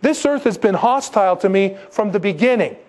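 A man preaching a sermon as pastor, emphatic, moving between loud exhortations and quiet low asides, asking rhetorical questions in a conversational way. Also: lively intonation, a little fast.

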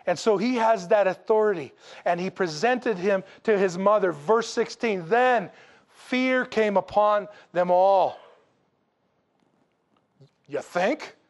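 A man preaching a sermon, telling the story in a humorous, animated way and acting out the dialogue casually. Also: sits high, takes it slowly, long pauses. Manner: acts out dialogue in a casual, jokey way. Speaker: pastor.

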